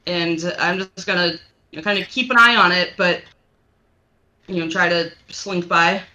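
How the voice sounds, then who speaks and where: A woman's voice: on the low side, fairly even intonation, normal speed, pushed and bright. A woman playing a tabletop game, chatty and a bit unsure, swearing casually. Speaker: player.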